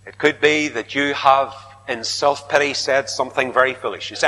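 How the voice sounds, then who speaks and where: A man preaches a sermon, his bright, forceful voice climbing into emphatic outbursts. The sound carries a long reverb, as if heard across a large church hall. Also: a little high, fairly quick, a little hiss or hum. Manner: emphatic, rising to loud repeated protests.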